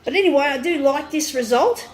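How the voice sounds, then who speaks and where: A woman's voice: high voice, lively intonation, brisk. A woman running a small print business who rants angrily and with heavy swearing about her photocopier. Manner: swears heavily, frustrated, restarts sentences. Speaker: small business owner ranting on video. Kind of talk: angry profane rant.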